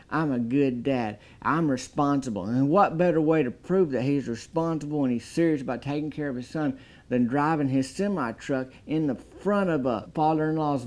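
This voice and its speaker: A man's voice: a little high, darkish tone. Folksy man hyping a movie. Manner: folksy drawl, exaggerated hype. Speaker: movie reviewer. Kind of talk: deadpan comedic movie review.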